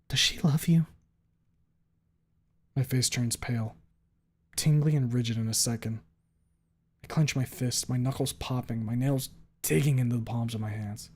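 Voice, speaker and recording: A man's voice: medium pitch, steady tone, moderate pace. Man narrating an angry first-person story. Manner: hushed, then swearing and tightly angry. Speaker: streamer reading a story aloud.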